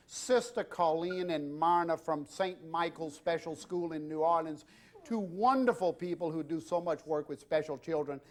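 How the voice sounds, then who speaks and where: A middle-aged man with a drawl hosts a cooking demonstration, his voice sitting notably high for a man. He banters cheerfully with guests and crew, rambling loosely between steps of the recipe. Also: moderate pace. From Louisiana. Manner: jovial and chatty, jokes with guests and crew, warm banter; loose unscripted delivery with many fillers. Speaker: TV cooking show host and chef.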